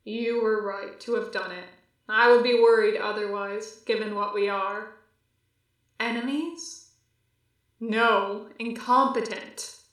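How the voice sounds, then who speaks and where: A woman's voice: mid-range voice, fairly even intonation, slow pace, a bit bright, heavy reverb. A woman voicing an injured male demon who grunts and murmurs in pain. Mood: wry.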